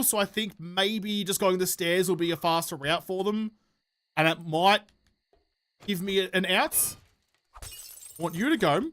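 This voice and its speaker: A man with an Australian accent talks to his live-stream audience as he plays, in a casual, rambling, jokey way full of slang and the odd swear. His voice sits fairly high for a man. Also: a bit bright.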